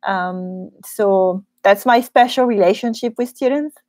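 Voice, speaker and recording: A woman with a French accent, a French teacher, speaks a little slowly in a medium-pitched, slightly mellow voice during a live Q&A. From her small office studio she chats, laughing readily between frequent ums, on a dry recording.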